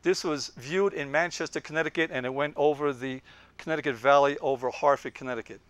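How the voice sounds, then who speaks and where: A man's voice: fairly high pitch, brisk, fairly bright tone, clean tone, no room sound. A man, giving an anecdotal lecture to a group. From Brooklyn, New York. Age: 70s. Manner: anecdotal, leans in on quoted lines. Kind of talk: storytelling lecture.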